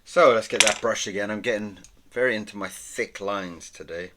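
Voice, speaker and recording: A man chats away as he sketches, his speech wandering and often dropping to a near-murmur. His voice sits a little low but has a bright, forward edge. The tone is relaxed and unscripted. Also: moderate pace, a little hiss or hum. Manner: chatty and meandering, often trailing off into a soft murmur. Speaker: artist and vlogger. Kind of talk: casual narration while drawing.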